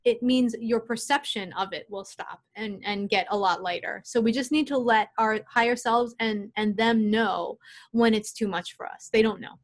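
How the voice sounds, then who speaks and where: A woman guest, a spiritual channeler, giving gentle, soothing, earnest guidance on a live call. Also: a little high, normal speed.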